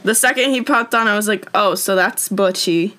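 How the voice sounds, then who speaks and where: A woman's voice: mid-range voice, normal speed, bright, forceful tone. Woman cohosting a movie podcast, chatty, laughs a lot, kinda trails off. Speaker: podcast co-host. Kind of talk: casual chat reviewing a movie.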